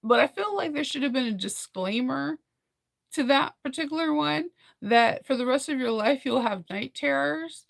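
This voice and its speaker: Chatty woman with a gravelly edge. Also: high voice, moderate pace, no echo, clean studio sound. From United States. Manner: rambling, animated storytelling with many fillers and laughs. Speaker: vlogger recapping a film. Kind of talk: casual chat.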